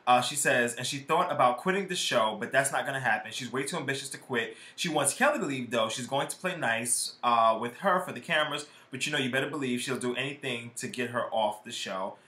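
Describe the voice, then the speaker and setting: A man's voice: mid-range voice, fairly quick, few pauses, sharp tone, reverberant. A man co-hosting a gossip podcast, talking in a playful, teasing way and laughing often. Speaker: podcast co-host. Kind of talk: casual gossip chat. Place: studio.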